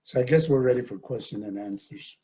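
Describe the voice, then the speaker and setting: An older man, a guest speaker, telling personal stories in an animated way with many fillers. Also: mid-range voice, brisk, breathy edge. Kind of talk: storytelling talk. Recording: dull lo-fi recording.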